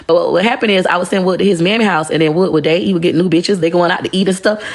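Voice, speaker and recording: Blunt, profane woman with a gravelly voice. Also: fairly low pitch, rapid-fire. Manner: blunt, profane, animated storytelling. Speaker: livestreamer. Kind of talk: casual livestream monologue.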